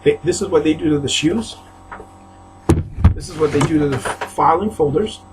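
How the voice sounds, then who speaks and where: Speaking at a normal pace with a fairly high pitch, this preacher from Haiti delivers an agitated video rant from his apartment. He sounds aggrieved and repeats himself, regularly flaring into outbursts, and there is noise in the background.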